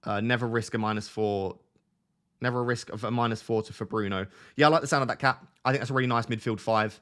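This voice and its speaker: Young guy streaming, chatty and self-mocking, mid-pitch voice. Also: fairly even intonation, fast talker, a bit bright. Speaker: fantasy football streamer. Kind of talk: casual live-stream chat.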